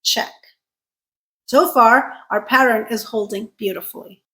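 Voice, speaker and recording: Woman teaching pronunciation, slightly high voice, slow and clear, leans hard on stressed syllables. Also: pushed and bright, low-quality recording. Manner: slow, carefully enunciated, stressing syllables for contrast. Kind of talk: scripted teaching.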